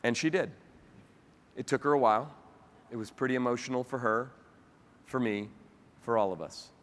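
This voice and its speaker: A man's voice: mid-range voice, normal speed, slight background noise. A man giving a keynote speech, telling a personal story with feeling and acting out the voices of the people in it. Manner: lively storyteller who acts out quoted dialogue. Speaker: keynote speaker. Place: large hall with a live audience. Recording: long hall reverb.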